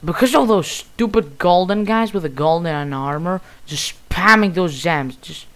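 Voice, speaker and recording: Excitable Greek-accented gamer, creaky voice. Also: male voice, high-pitched, unhurried. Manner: excitable, bursts of loud exclamations. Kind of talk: casual gameplay commentary.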